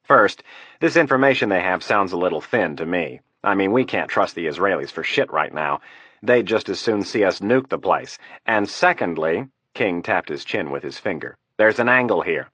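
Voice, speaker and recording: A crude, scheming political aide, voiced by a man reading an audiobook. He argues with easy, coarse confidence and a low base voice. The sound is dry and close. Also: animated, normal speed, pushed and bright, no room sound, heavily acted. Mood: scheming confident.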